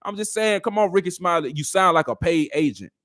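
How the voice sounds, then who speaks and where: Man, reaction commentator, combative rhetorical style, slightly high voice, dry close sound. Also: lively intonation, brisk, a bit bright, no echo. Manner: argumentative, rhetorical questions.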